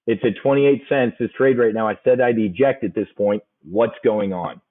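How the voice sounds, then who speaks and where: A man's voice: fairly low pitch, moderate pace. Joking man teaching trades, tinny sound. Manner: folksy, joking, emphatic repetition. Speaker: options trading instructor. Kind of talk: casual trading lesson.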